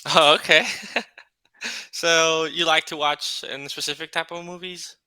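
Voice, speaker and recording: A man's voice: on the high side, flat delivery, a little slow, sharp tone, clear, resonant tone, dry recording. A man chatting as an English tutor on a video call, hesitant and full of fillers. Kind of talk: casual chat on a video call.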